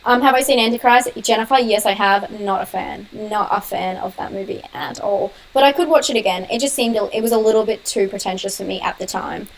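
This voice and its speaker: On a low-quality recording, a young woman with a medium-pitched voice hosts a laid-back live-stream Q&A for her horror channel. She talks fast, laughs often and answers comments from viewers.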